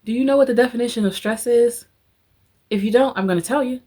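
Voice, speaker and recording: A woman's voice: fairly high pitch, quick pace, dark tone. A woman hosting a motivational talk, speaking emphatically in a preacher-like way, calling listeners honey and y'all and guiding them through a visualization. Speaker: host.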